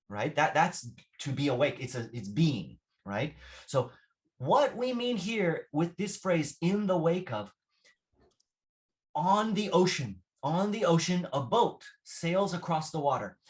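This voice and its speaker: A man's voice: on the high side, sing-song, measured pace. Patient man teaching vocabulary. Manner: patient, repeats phrases, asks "right?" often. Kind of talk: classroom vocabulary lesson.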